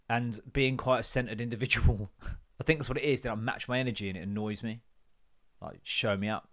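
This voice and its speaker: A man's voice: mid-range voice, a bit bright. A man hosting a podcast, telling rambling, sweary stories with jokey put-on voices. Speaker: podcast host. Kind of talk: casual solo rant.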